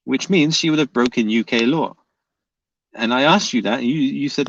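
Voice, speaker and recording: Gravelly-voiced man arguing with comments. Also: medium pitch, normal speed, a bit bright, lo-fi sound, a little hiss or hum. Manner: argumentative, repeats questions back at commenters. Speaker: streamer reading viewer comments. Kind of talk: live comment-reading debate.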